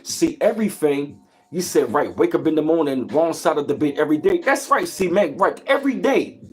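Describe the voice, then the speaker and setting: A man hosting a livestream gives a casual, preachy motivational talk, greeting his chat and repeating his points. His voice is on the high side, animated and brisk.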